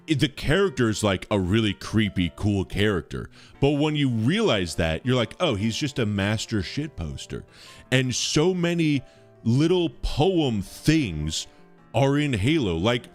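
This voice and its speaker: A young man talks to his stream chat in a low voice that swings up and down a lot. He rambles with slangy enthusiasm. Faint music plays behind him. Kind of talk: casual live-stream chat.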